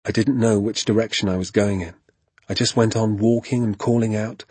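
A man narrating a storybook in a hushed, suspenseful manner. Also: on the low side, fairly even intonation, moderate pace, husky, dry recording.

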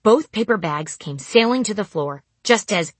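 Husky woman telling a wry memoir. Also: mid-range voice, animated, moderate pace, no room sound. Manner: wry, dry comic timing. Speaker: narrator. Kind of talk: first-person memoir storytelling.

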